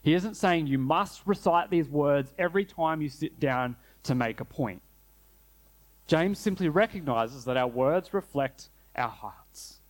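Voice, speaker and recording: A man preaching a sermon, earnest, slowing down and dropping low to stress key phrases. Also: expressive. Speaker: pastor.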